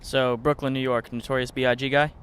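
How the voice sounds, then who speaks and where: A man's voice: medium pitch, little pitch movement, fairly quick, a bit bright, a little hiss or hum. A man hosting an interview, asking questions in a casual, admiring way. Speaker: host.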